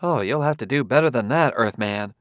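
A man's voice: medium pitch, brisk, fairly bright tone, no echo, studio quality, close to an everyday voice. A man reading an audiobook, voicing a plump, scornful woman who taunts and mocks in a raised voice. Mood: indignant.

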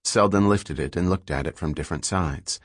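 A man narrating an audiobook in a steady, plain storytelling manner. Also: low-pitched, normal speed, no room sound, studio quality. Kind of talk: scripted narration.

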